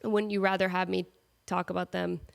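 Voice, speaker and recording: A woman's voice: on the low side, flat delivery, moderate pace, creaky, smooth. A woman in her thirties with a nasal voice from a cold, hosting a casual solo podcast in a chatty, self-mocking way with rambling asides. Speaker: podcast host. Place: at home with her cat.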